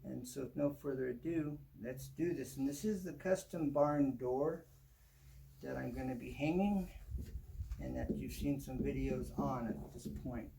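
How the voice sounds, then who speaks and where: A man's voice: medium pitch, measured pace, creaky, slight background noise. A man hosting a home improvement how-to, talking casually as he works and often saying "kinda". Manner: relaxed, talks while working, repeats "kinda" often. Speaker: home improvement show host.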